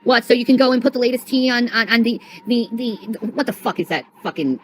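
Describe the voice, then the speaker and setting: A woman's voice: fairly high pitch, fast talker, a little hiss or hum, rough recording. A woman ranting on a livestream, profane and mocking, repeating herself as she scolds critics.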